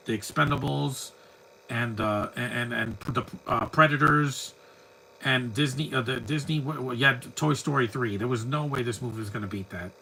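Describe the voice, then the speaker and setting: A man's voice: mid-range voice, sharp tone, a little hiss or hum, rough recording. A man giving a live movie commentary, chatty and opinionated, full of rambling asides. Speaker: film commentator.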